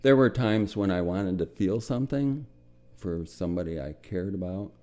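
In a radio documentary, an older man from the United States reflects on his own past, his voice pitched low but animated in its intonation. He takes his time, and his words often trail down to a murmur.

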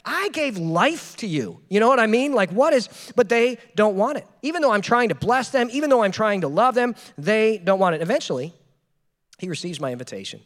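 Male pastor, 30s, animated conversational sermon, high-pitched, reverberant church hall. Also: brisk. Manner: animated, conversational, rhetorical questions.

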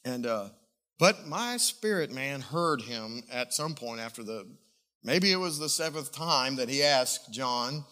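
A man preaching a sermon as a pastor, telling a personal testimony in an emotional, animated way. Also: mid-range voice, measured pace.

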